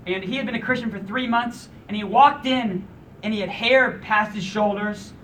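Male preacher, 30s, casual and emphatic sermon delivery, high animated pitch, mic at a distance. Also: normal speed, a little hiss or hum. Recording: voice from a distance with faint room ambience.

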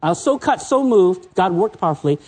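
This is an American man in his fifties preaching from a stage. His voice is fairly high for a man and swings widely in pitch. He tells stories in a chatty way and often stumbles over repeated words. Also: big pitch swings, fairly quick, a little mellow, husky. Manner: conversational storytelling, repeats words. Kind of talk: sermon. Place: stage under spotlights.

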